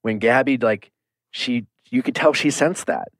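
A man hosting a podcast in casual chat, animated and swearing, acting out quotes as he talks. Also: mid-range voice, measured pace, no echo, studio quality. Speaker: podcast host.

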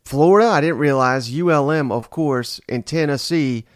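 A man's voice: fairly high pitch, moderate pace, no echo, clean studio sound. A man hosting a podcast in casual chat, telling stories and teasing his guest. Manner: teasing, relaxed storyteller. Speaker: podcast host.

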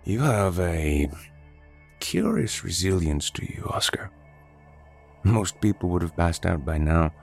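A man's voice: low-pitched, creaky, faint music behind, full character voice. A man playing a coolly polite butcher. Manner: calm, polite, detached, measured. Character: cold, curious male butcher and captor. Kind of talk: horror audio drama.

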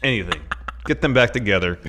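A man with a very low voice co-hosting a casual podcast chat. He talks in a relaxed, agreeable way, adding short replies and his own ideas. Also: quick pace, a little hiss or hum. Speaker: podcast co-host.

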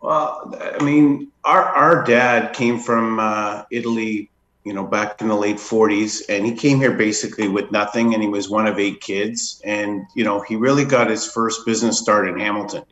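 Male guest, low-pitched, hesitant, echoey room sound. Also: fairly even intonation, a bit bright, a little hiss or hum. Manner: modest, halting, many "uh" pauses. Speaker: donor family member guest. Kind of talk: radio interview. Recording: roomy echo.

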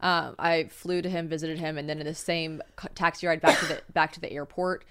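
A woman in her late twenties, co-hosting a podcast in casual, animated chat, laughing and swearing freely. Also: low voice, brisk, smooth. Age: late 20s. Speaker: podcast co-host.

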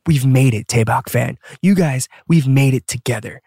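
A man's voice: medium pitch, normal speed, gravelly, mellow, breathy edge, dry recording, clean studio sound. A man in his thirties hosting a podcast in casual chat, rambling with lots of fillers and laughing at himself. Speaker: podcast host.

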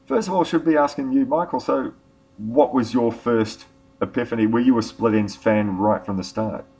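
A man's voice: mid-range voice, normal speed, darkish tone, breathy edge. A man hosting a music podcast in casual, rambling chat. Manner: rambling, many fillers and restarts. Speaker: podcast host.

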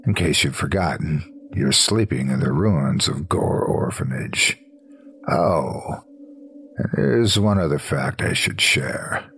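A man narrating a scripted horror story in a slow, low, hushed storytelling manner. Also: expressive, gravelly, a little hiss or hum.

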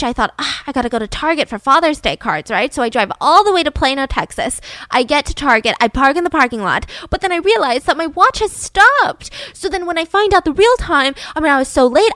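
A woman voicing a frantic, chatty suburban mom who talks fast and flustered, in a true-crime podcast retelling. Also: high voice, fairly bright tone, no echo.

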